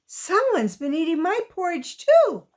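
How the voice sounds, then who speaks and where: A woman's voice: very high voice, sing-song, measured pace, pitched above the performer's own voice, exaggerated voice. Mother bear, indignant and fussed; a woman voices her in a read-aloud.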